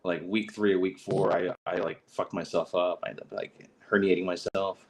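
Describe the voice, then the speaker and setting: Speaking in a deep voice with fairly even intonation, a podcast host meanders through stories on a casual livestream, full of fillers and false starts. He acts out quotes by quickly putting on voices for the characters, then drifts back into relaxed conversation. The recording quality is rough.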